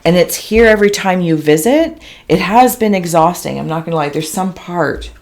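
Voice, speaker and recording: A woman giving a slow, halting spiritual reading, describing visions in a soft, emotional, dreamy way. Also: on the low side, expressive. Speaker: intuitive reader.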